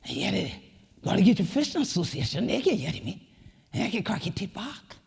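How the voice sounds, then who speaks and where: A woman with a Gullah Geechee accent, from the Sea Islands, giving a rhythmic spoken-word keynote that swings between whispers and shouts. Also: mid-range voice, very animated, brisk, vocal fry, breathy edge, in a large hall. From Sea Islands of the American Southeast. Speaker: community leader and keynote speaker.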